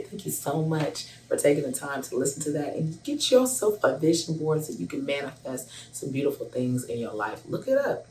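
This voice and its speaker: A woman in her thirties, a hairstylist, telling a personal story to camera in a casual, animated way. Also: low voice. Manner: animated, acts out both sides of a phone call. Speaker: hairstylist sharing a testimonial. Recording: echoey room, voice a bit far from the mic.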